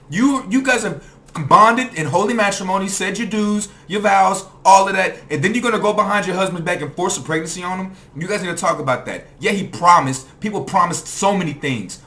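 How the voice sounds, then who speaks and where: A man's voice: sits high, sharp tone, slight background noise. A man hosting a reaction commentary channel, ranting heatedly and swearing freely.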